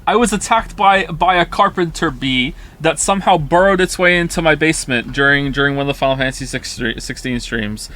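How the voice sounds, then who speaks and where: A man's voice: on the high side, a little fast, hardly any pauses, pushed and bright. A man streaming live, chatting casually and reacting to viewer comments in a rambling way with frequent restarts.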